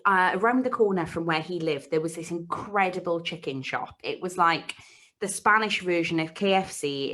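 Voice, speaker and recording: Lively woman telling a story. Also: on the low side. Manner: animated, acts out quoted voices. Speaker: podcast co-host. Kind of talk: casual storytelling chat. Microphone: home mic, live streamed call.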